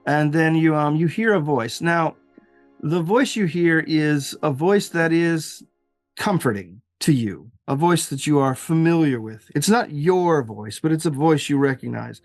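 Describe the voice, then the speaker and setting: A man's voice: a little high, lively intonation, unhurried, no echo, soft background music. A man narrating as game master of a tabletop game, rambling with fillers and frequent laughs.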